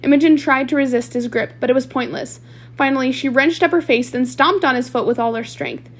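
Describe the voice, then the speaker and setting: A woman's voice: high voice, a little fast, husky. A woman reading a novel aloud chapter by chapter, with small slips and restarts. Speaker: audiobook reader.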